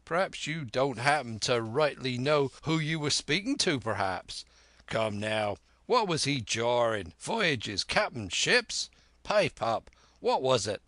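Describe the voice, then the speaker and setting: A man's voice: mid-range voice, very animated, slow, fairly bright tone, dry recording. A man voicing a cunning one-legged old sea cook who blusters in salty sailor slang. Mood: blustering. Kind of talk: audiobook character reading.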